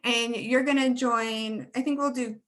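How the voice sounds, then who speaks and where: A woman with a bright, high-ish voice runs a webinar on pronunciation over a computer mic. She stretches out words slowly and carefully so listeners can copy them. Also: fairly even intonation. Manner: slow, careful modeling of words. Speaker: teacher trainer. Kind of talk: webinar teaching.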